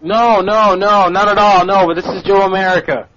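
A man's voice: high-pitched, steady tone, normal speed, noisy background, lightly acted. A man playing a smarmy male prank caller who croons and wheedles, in a dull radio recording. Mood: wheedling.

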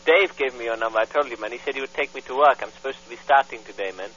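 A man's voice: medium pitch, rapid-fire, a bit bright, breathy edge. A British man making a prank phone call, brash and teasing while playing dumb, over muffled call audio. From Britain. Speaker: prank caller.

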